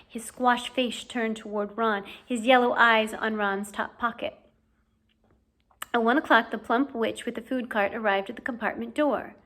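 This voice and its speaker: A woman reads a novel aloud in audiobook style. Her narration is clear and steady, in a fairly high voice. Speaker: audiobook reader.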